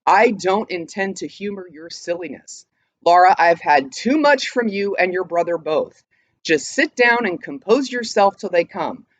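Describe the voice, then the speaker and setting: A woman's voice: on the low side, expressive, measured pace, no echo. A woman reading the lines of a domineering, impatient middle-aged mother in a scolding, insistent way.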